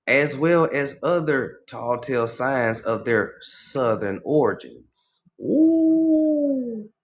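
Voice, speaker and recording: A man hosting a livestream, reading a passage aloud and breaking off to comment in casual slang. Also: medium pitch. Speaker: livestream host.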